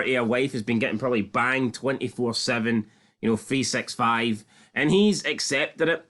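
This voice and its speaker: A man's voice: medium pitch, a bit bright. A man co-hosting a podcast, chatting casually and jokingly about a TV show and swearing freely. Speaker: podcast co-host. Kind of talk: casual TV recap chat.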